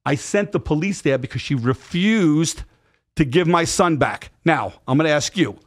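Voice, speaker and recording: Animated, emphatic middle-aged man. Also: on the high side, moderate pace. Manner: emphatic, animated retelling with acted quotes and profanity. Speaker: podcast guest. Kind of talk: casual storytelling interview.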